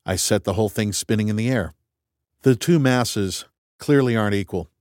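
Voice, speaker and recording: A man's voice: lowish voice, darkish tone, dry recording. A man reading a first-person audiobook in a dry, wry and methodical way. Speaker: audiobook narrator. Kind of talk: first-person scripted narration.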